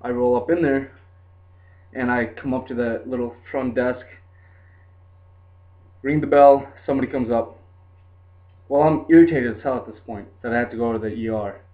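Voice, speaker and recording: A man's voice: medium pitch, fairly even intonation, normal speed, pauses often. Laid-back young guy, tinny lo-fi sound. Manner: rambling, laid-back, lots of "like" and "dude". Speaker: storyteller. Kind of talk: casual storytelling to camera.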